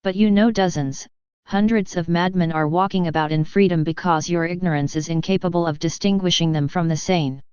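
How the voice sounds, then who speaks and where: An agitated young male asylum patient, read by a woman narrator with a low, very clear voice. He throws out bitter, accusing outbursts. The recording is dry and slightly dull, as from a storybook audiobook. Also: fairly even intonation, fairly quick, darkish tone, no echo, natural voice. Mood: indignant.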